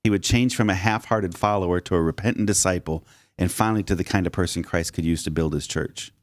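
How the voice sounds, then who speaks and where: A man's voice: low voice, fast, no echo, clean studio sound. A man co-hosting a podcast, discussing a Bible story and drawing lessons from it in a teacherly way. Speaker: podcast co-host.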